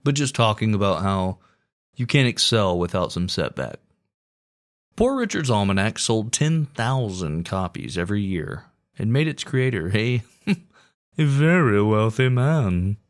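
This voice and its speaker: A man's voice: lowish voice, very animated, unhurried. A man hosting a podcast, telling history in a crude, irreverent comic way. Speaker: podcast host. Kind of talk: comedic history narration.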